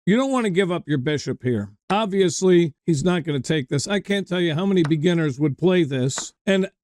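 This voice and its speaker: A man's voice: fairly high pitch, animated, a little fast, darkish tone. A man coaching chess, calling out moves and drifting into chatty stories while talking to his viewers. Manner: chatty, digresses into anecdotes, addresses viewers. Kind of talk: chess game commentary lesson.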